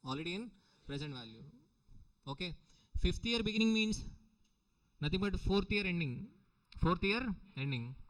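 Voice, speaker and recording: Indian guy teaching exam prep, fairly high voice, keeps repeating stuff and asking "clear?". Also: darkish tone, rough recording. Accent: Indian English. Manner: repetitive, questioning the students often. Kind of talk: recorded exam-prep lecture.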